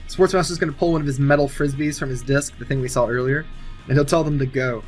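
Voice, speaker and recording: A man talking through a made-up movie plot in a relaxed, rambling way, full of fillers, restarts and half-finished thoughts. His voice sits in an ordinary middle pitch, and now and then he lifts it a little to act out a character's line. Faint music plays underneath. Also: fast talker. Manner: rambling, thinking aloud with many fillers and restarts. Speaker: movie sequel writer. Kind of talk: casual pitch-style narration of an imagined film.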